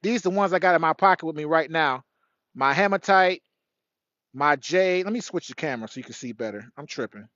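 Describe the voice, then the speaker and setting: Bright, high-voiced man on a phone livestream. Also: dry recording. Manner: warm greetings to viewers, loose rambling delivery. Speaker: livestream host. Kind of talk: casual spiritual livestream chat. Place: indoors at night. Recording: dry, dull lo-fi phone audio.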